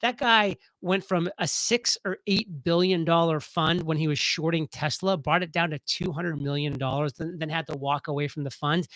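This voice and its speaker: A man hosting a casual live stream, talking fast and excitedly as he reads viewer comments aloud. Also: a little high, dry recording, low-quality recording.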